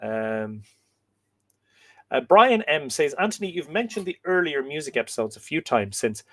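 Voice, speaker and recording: A middle-aged Irish man hosting a live stream, reading out viewer comments in a hesitant, thinking-aloud way with many pauses and fillers. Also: fairly high pitch, big pitch swings, bright, forceful tone. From Ireland. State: dry throat, coughing. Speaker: host of a live myth reading show.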